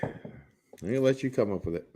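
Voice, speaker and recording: A man from Germany hosts a casual livestream chat, joking and laughing as he rambles and restarts. He speaks at normal speed in a fairly low, dark voice.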